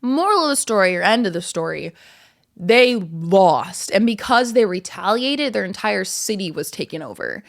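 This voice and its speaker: A woman's voice: medium pitch, lively intonation, normal speed, gravelly. Chatty young woman rambling casually. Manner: rambling, chatty with many fillers and giggles. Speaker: podcast host. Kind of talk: casual chat.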